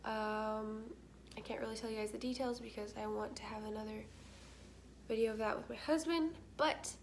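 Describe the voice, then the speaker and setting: A woman's voice: fairly high pitch, fairly even intonation, moderate pace, vocal fry, slight background noise. A young adult woman vlogging in casual chat, candid and talkative, with frequent filler words.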